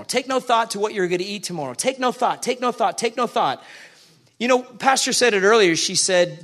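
A man with a high voice delivers a sermon in a church. He talks in a casual, animated way and keeps putting questions to the people listening. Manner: conversational, animated, asks the congregation questions. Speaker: preacher.

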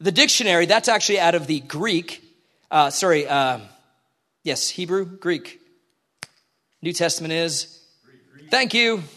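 A man with a high voice delivers a sermon in a church. He talks in a casual, animated way and keeps putting questions to the people listening. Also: measured pace, long pauses. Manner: conversational, animated, asks the congregation questions. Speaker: preacher.

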